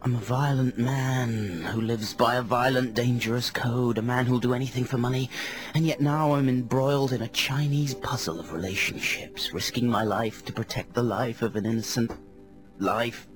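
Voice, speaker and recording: Brooding, whispery film star , put on by a male radio host — low-ish voice, over-the-top drama, music underneath. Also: steady tone, moderate pace, natural voice. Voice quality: breathy stage whisper. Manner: melodramatic, self-mocking monologue.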